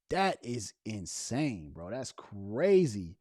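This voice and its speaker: Man, vlog host, casual reaction, lively pitch, emphatic, dry close sound. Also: normal speed, no room sound. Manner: animated, emphatic, heavy on fillers.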